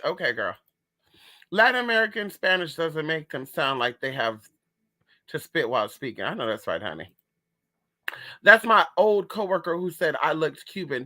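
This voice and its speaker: Sassy male streamer, high voice and bright tone, chatty and animated. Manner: sassy, animated, calls viewers honey and girl. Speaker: livestream host reading chat. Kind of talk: casual chat.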